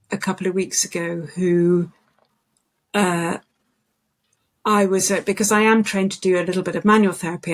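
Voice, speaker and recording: A woman, a singing voice specialist, talking as a guest in an interview, thoughtful and unhurried, telling stories with many restarts. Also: medium pitch, vocal fry. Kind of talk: conversational interview.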